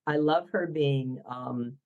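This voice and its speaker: A woman's voice: very deep voice, slow pace, narrow, tinny audio. A woman with a Philadelphia accent, a guest author talking in an interview, opinionated and wry. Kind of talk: podcast interview.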